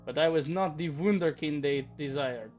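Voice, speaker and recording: A man voicing a brooding, self-doubting young male mage in a put-on Russian accent, speaking in formal, halting phrases. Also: a little high, darkish tone, faint music behind, close to an everyday voice. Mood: dejected.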